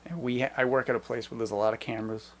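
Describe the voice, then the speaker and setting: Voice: mid-range voice, fairly even intonation, rapid-fire. Chatty, curious podcast host. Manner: curious, chatty, laughs easily. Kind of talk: casual interview chat.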